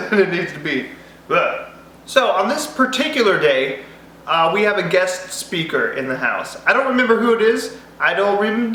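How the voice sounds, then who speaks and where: A man's voice: high-pitched, bright, forceful tone, slight background noise. A man telling a comedic childhood story to camera, rambling and interrupting himself with jokes. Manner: rambling, self-interrupting, jokey. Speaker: vlogger. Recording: echoey room.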